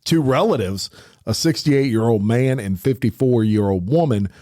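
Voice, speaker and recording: A man's voice: mid-range voice, normal speed, dark tone, no room sound, clean studio sound. A man co-hosting a crime podcast, reading a crime report in a plain, conversational way. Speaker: podcast co-host.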